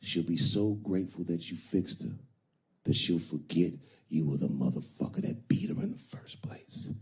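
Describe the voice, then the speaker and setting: A man voicing a callous older pimp who gives advice in a low, slow, hushed voice. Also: close to an everyday voice. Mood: sly.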